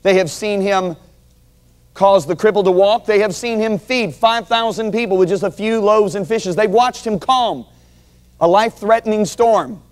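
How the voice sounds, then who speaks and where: Speaking at a moderate pace in a notably high voice, a man teaches the Bible through an earnest sermon. Like a seasoned preacher, he stresses key phrases emphatically and gets his audience to repeat words back to him.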